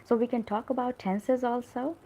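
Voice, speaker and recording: A woman's voice: on the high side, fairly even intonation, moderate pace, mellow, slight background noise, poor audio. A woman teaching English grammar in a live stream. She explains step by step, keeps asking "right?", and acts out example sentences with emphasis.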